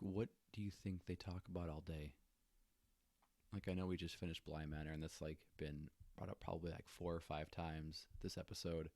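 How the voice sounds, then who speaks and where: Young male podcast co-host, very low voice, dry close sound, casual joking storyteller. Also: no echo. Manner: relaxed, jokey, many fillers.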